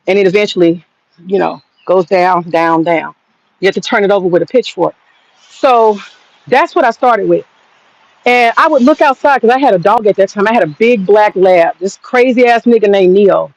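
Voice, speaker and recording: Out in her backyard, a woman films a vlog on a handheld phone, her medium-pitched voice a little mellow at a moderate pace, with lo-fi sound. It's casual chat, and she rambles through stories packed with profanity.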